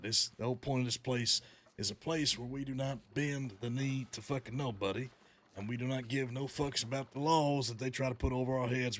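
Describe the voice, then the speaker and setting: A man's voice: mid-range voice, fairly bright tone, slight background noise. A man in character as a western outlaw gang leader, giving orders in a profane, folksy drawl over a headset mic. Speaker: gang leader in role-play.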